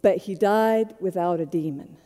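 A woman's voice: fairly low pitch, normal speed. Woman preaching in an echoing hall. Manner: conversational storytelling, shifting between soft and loud. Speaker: pastor. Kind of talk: sermon.

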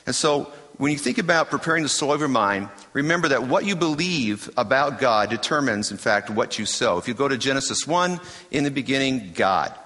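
A man's voice: mid-range voice, lively intonation, fairly quick, hardly any pauses, pushed and bright, big-room sound. A middle-aged man preaching a sermon, emphatic, asking rhetorical questions and repeating key phrases.

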